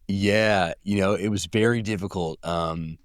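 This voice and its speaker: Man, Californian accent, very low voice, dry sound, rambling storyteller. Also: steady tone, a little slow, no room sound. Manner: rambling, acts out quoted people. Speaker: journalist guest. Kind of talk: casual interview talk.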